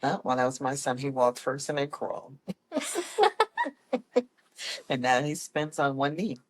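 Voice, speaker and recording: A woman guest telling her personal story in a casual, lively way, often correcting herself as she goes. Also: very deep voice, brisk. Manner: animated, acts out quoted people with voice changes; laughs often, corrects herself mid-sentence. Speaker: guest, autism mom.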